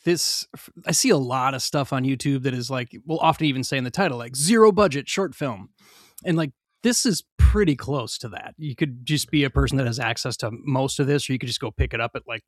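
A man co-hosting a podcast, talking in an animated, rambling way with many fillers. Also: medium pitch, dry recording, clean studio sound. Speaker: podcast co-host. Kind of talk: casual chat.

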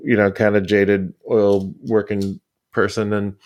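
Low-voiced man in relaxed film chat. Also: measured pace. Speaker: podcast co-host. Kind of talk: casual film discussion.

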